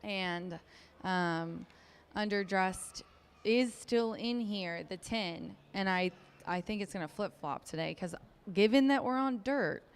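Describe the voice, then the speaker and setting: A woman's voice: medium pitch, smooth. A woman working as a racetrack handicapper, giving a chatty, upbeat race preview with frequent ums.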